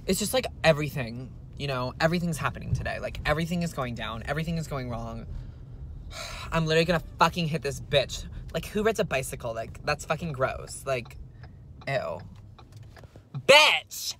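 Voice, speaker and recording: A man's voice: medium pitch, fairly bright tone, slight background noise. A man playing a spoiled, foul-mouthed, entitled rich young woman in a comedic parody vlog, whining in a valley-girl drawl full of "like" and swearing from inside a car.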